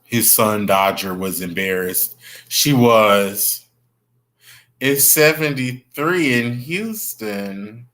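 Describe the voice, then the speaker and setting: A man's voice: lowish voice, drawn-out words, a bit bright. A young man hosting a casual livestream, chatting with viewers, greeting them by name and gossiping about the news. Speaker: livestream host.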